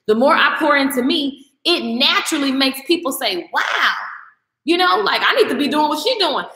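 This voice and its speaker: A woman's voice: high voice, pushed and bright. A woman vlogger delivering an emphatic, preachy rant to her viewers, dropping into mocking quoted asides. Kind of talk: passionate rant to camera. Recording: echoey room with long reverb.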